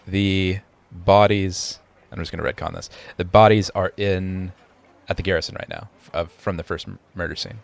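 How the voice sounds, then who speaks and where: A man narrating as dungeon master of a tabletop game, relaxed and laughing. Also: sits low, moderate pace, creaky.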